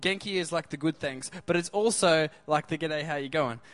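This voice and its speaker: Upbeat high-voiced preacher. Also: male voice, moderate pace, a bit bright, no room sound. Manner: upbeat, keeps asking the crowd questions. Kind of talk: sermon.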